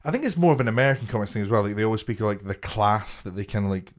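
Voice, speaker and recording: Sweary, animated man telling stories. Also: on the low side. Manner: sweary, laughing, animated storyteller; talks in quick bursts, restarting and repeating himself. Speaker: podcast co-host, comedian. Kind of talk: casual chat.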